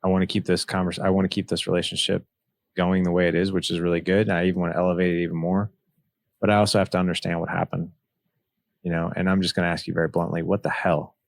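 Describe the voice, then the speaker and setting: A man's voice: low-pitched, level tone, fast talker, creaky, no echo. A man as a podcast guest, earnestly telling a personal story and retelling past conversations. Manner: earnest, retells dialogue with "he's like".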